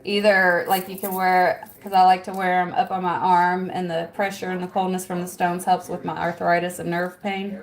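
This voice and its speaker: A woman's voice: fairly low pitch, level tone, moderate pace, few pauses. A woman hosting a livestream from home, chatting casually, reading viewer comments aloud and laughing often. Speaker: livestream host.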